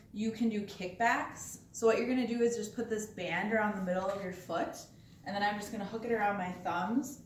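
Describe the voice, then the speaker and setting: Slightly breathless, a woman with a mid-range voice leads coworkers through resistance band exercises as their workplace fitness instructor, chatting casually and regularly checking in with "okay?" The recording has a little hiss or hum and places her far off in an echoey room.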